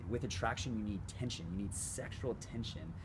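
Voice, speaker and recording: A man's voice: lowish voice, moderate pace. A man giving casual dating advice straight to camera, blunt and swearing freely, with noticeable background noise. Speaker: dating coach.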